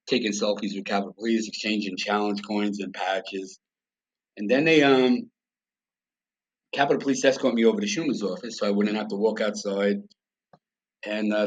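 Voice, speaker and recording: Husky, low-ish middle-aged New man, blunt profane podcast storyteller, muffled lo-fi sound. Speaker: podcast guest. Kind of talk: casual storytelling.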